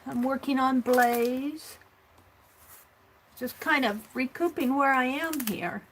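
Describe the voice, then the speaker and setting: She hosts a relaxed morning art livestream, chatting to herself and her viewers as she works at the craft table. Her voice sits high and is fairly bright, her pace slow, with a slight hiss or hum in the background.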